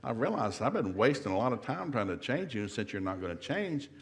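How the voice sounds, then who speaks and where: Fast-talking Southern man telling stories. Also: medium pitch, sing-song, crowd noise. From American South. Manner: fast-talking storyteller acting out quotes. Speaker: seminar speaker. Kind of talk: humorous marriage seminar talk. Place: church hall.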